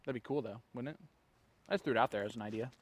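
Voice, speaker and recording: A man's voice: mid-range voice, racing, slight background noise. Chatty male darts commentator. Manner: chatty, joking, reads out stats. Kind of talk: live sports commentary.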